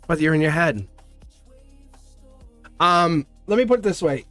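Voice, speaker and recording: A man's voice: fairly high pitch, expressive, unhurried, long pauses, fairly bright tone, dry recording, faint music behind. A man giving a live tarot reading, blunt and chatty, laughing often and acting out little voices. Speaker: tarot reader.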